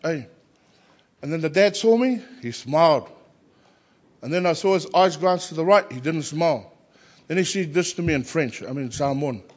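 A man, a Christian chaplain, telling lively personal stories and acting out the voices of the people in them. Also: a little high, normal speed, long pauses, muffled recording. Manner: animated anecdotes, acts out quoted voices. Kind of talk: personal storytelling.

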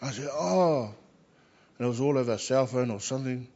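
A man, a Christian chaplain, telling lively personal stories and acting out the voices of the people in them. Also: medium pitch, a little fast, muffled recording. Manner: animated anecdotes, acts out quoted voices. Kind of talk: personal storytelling.

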